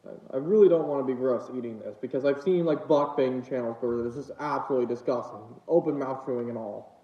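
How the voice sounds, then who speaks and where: A man's voice: mid-range voice, fast. A man chatting casually while eating on a livestream, rambling with many fillers and a bit out of breath. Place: home room with dogs nearby. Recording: echoey room, dull lo-fi sound.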